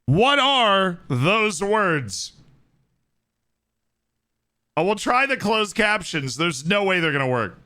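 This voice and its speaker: Bright, lively streamer man, slow-spoken. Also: sits high. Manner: excitable, laughs often, talks to chat. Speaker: streamer playing a football management game. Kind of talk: casual live-stream chat.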